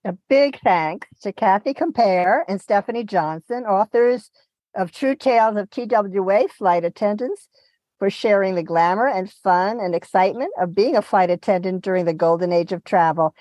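A woman's voice: medium pitch, moderate pace, darkish tone, dry recording. A woman hosting a travel podcast interview, giving short reactions and reading a scripted outro. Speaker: podcast host.

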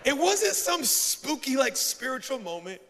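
A male pastor giving a sermon, telling stories in a lively way and poking fun at himself. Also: very high voice, a little slow, big-room sound, some chatter behind, slight background noise. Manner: animated storytelling, self-mocking humor.

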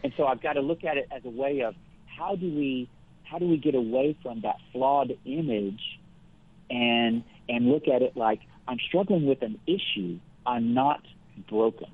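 A man speaking as the guest counselor in a conversational interview, explaining things earnestly and in a measured way, with everyday examples. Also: medium pitch, dry recording. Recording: phone-like thin line.

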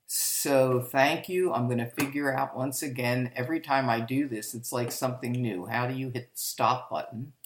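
In a reverberant home recording, an older woman with a very deep voice speaks at a moderate pace with fairly even intonation and few pauses. She tells her life story on a podcast, candid and rambling, and often corrects herself.

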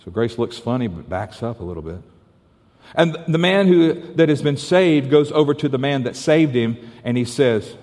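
A man's voice: medium pitch, animated, moderate pace, a little mellow. Preaching man in a reverberant hall. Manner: storytelling, stammering restarts, playful asides. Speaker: pastor. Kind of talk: sermon.

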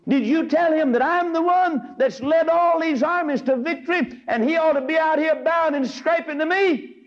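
A proud, furious army captain bellows his outrage in a high, strained voice, as a preacher acts him out. The sound is dull and lo-fi, like an old radio broadcast. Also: normal speed. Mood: indignant. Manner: indignant, shouting. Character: proud angry army captain Naaman, male. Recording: dull lo-fi recording.

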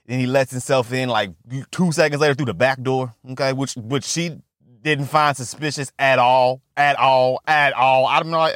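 A man retelling a film plot in casual, profane, animated talk, often stammering and repeating himself. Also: mid-range voice, normal speed, dry recording, clean studio sound. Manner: animated, repetitive, swears constantly, stammers on restarts. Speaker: movie recap vlogger.

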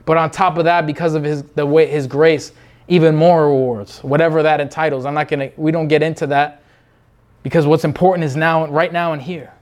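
Man, preacher, high voice, fervent unscripted sermon, repeats himself, mimics other people briefly. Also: fairly even intonation, brisk, darkish tone.

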